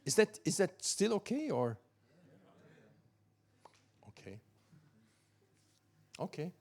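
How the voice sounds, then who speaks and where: Older man, German accent, academic lecture, slightly high voice, fillers and restarts. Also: huge pitch swings, slow, a little mellow. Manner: thinking aloud, many fillers and restarts. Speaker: physics lecturer.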